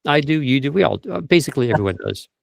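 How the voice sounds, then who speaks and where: A man guest on a video call, talking like a vocal coach who walks through his tips one by one. His voice sits at an ordinary middle pitch. The sound is dry, with no room around it. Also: lively intonation, rapid-fire, gravelly, no echo. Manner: explanatory, lists tips, demonstrates speech habits. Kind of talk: interview over video call.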